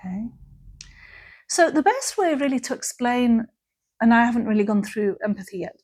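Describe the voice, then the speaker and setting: A woman giving a gentle, unhurried reflective talk about mental health, sometimes softly acting out phrases. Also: mid-range voice.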